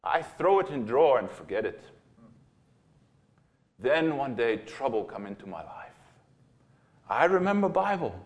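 A man's voice: medium pitch, very animated, a little slow, pauses often. A preacher voicing an older Russian man who became a village pastor, speaking fervent, broken English in a thick Russian accent.

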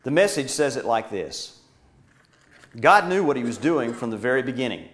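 A man preaching a sermon, earnest, moving between emphatic points and quiet, hushed lines. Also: medium pitch, lively intonation, moderate pace.

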